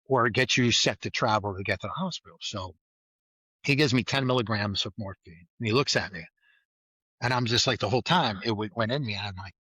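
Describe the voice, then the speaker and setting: Guest spot: male ex-trooper storyteller, vivid and animated, bright tone, dry close mic. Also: lowish voice, fairly quick, slightly rough, no echo, rough recording. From New York. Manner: vivid, animated retelling with acted-out quotes. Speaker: guest, former state trooper. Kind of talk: storytelling in a casual interview.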